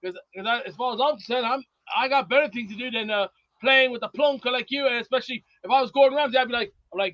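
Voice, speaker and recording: A man with a strikingly high, bright voice throws out blustering insults and brags, often breaking into shouts. The sound is dry and a little dull, like a cheap mic. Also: fast talker, dry recording. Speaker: show regular. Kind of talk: brash trash-talking banter.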